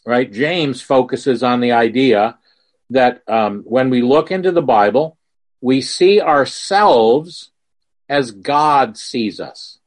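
Guy preaching a sermon real slow, middle pitch, earnest, tells little stories. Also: expressive. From Mississippi. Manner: slow, earnest, storytelling with quoted dialogue.

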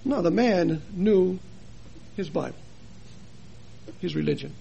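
Preaching slowly but with animation in a chapel, this man has a high, gravelly, husky voice. He addresses his listeners earnestly with a stream of rhetorical questions, rising loud and dropping soft to drive points home.

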